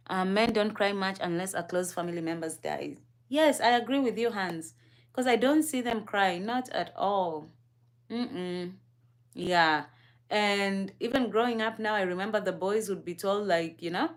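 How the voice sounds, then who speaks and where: A woman's voice: mid-range voice, unhurried. A young woman from Kenya chatting casually as a livestream co-host. She is curious and talkative, laughs often, and speaks to her co-host and the viewers in the chat.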